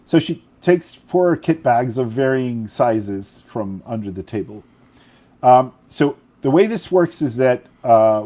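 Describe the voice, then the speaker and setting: A man's voice: medium pitch, warm tone. A man whose first language is French, running a tabletop game in English with rambling, self-correcting explanations. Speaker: game master.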